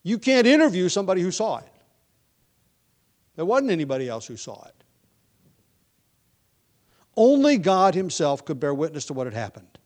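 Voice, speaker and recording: A man teaching a sermon through a Bible book verse by verse, measured and deliberate, slowing down to stress key points, with occasional ums and self-corrections. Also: high-pitched, sing-song, a little mellow. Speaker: preacher.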